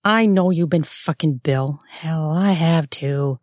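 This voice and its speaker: A scornful older nun hisses her lines low and slow, as a woman reads her part in a story. The voice sits low, drawn out unhurriedly, close and dry with no room sound. She snarls more than she speaks. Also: a little mellow, no echo. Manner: snarling, hissing delivery. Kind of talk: read-aloud erotic story.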